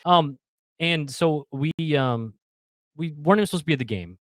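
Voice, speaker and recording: Speaking at a moderate pace in a slightly high voice with no room sound, a man in his thirties tells a story during a relaxed video call chat. His telling is lively and full of restarts and repeated words, and he imitates the fans yelling.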